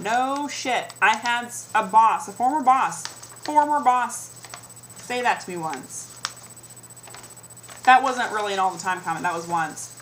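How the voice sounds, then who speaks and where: A woman's voice: medium pitch, fairly bright tone, a little hiss or hum, low-quality recording. A young adult woman vlogging a sarcastic comedic rant, mimicking the comments people make to her.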